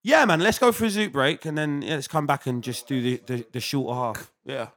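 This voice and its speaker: A man's voice: mid-range voice, a little fast, a bit bright. A British man hosting a podcast, joking with guests and reading a sponsor plug. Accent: British English. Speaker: podcast host. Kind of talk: casual chat.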